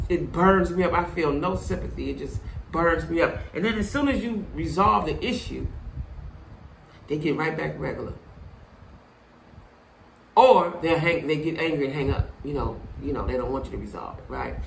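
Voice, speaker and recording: A woman's voice: fairly low pitch, vocal fry, fairly bright tone. A middle-aged woman delivering a blunt, preachy monologue as a vlogger, speaking emphatically to her viewers. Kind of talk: casual monologue to camera. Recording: echoey room, faint background noise.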